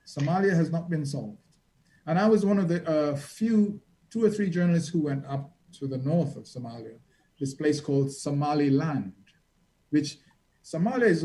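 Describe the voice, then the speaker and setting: A man's voice: fairly high pitch, dark tone, low-quality recording. A man, a reporter and guest, telling vivid stories from his travels in a dramatic, conversational way. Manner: vivid, dramatic storyteller acting out quotes. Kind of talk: storytelling in a conversation.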